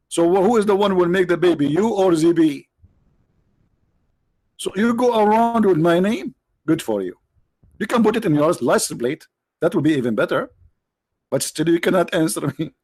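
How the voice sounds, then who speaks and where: A man's voice: high-pitched, normal speed, long pauses, darkish tone, no room sound, studio quality. A man hosting a live religious talk, joking and sarcastic, rambling to his viewers. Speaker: online show host.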